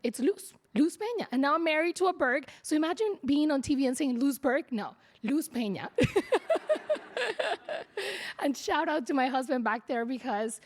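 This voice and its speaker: A woman with a high, bright voice speaks into a podium microphone at an awards breakfast. She is in her thirties and a Spanish speaker, and she laughs easily as she tells her story, slipping into Spanish now and then. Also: normal speed. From Colombia. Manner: animated and laughing, mixing in Spanish. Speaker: award honoree, TV reporter. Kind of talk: acceptance speech. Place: banquet hall at an awards breakfast.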